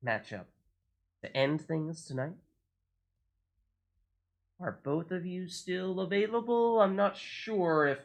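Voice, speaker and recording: A man hosting a community game stream, chatting with players in slightly formal phrasing. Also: a little high. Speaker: stream host.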